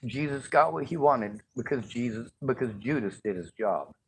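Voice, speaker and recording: A man's voice: mid-range voice, animated, normal speed. A man in casual talk outdoors, explaining history and cracking wry jokes. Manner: lecturing, wry, joking. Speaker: conversation participant. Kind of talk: casual chat. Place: outdoors near a street. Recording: noisy outdoor recording with traffic.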